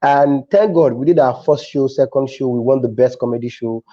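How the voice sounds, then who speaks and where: A man with a Nigerian accent, a comedian chatting as a guest and telling stories with animated restarts. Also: medium pitch, brisk, dull audio. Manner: animated storytelling with frequent restarts. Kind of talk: casual interview chat.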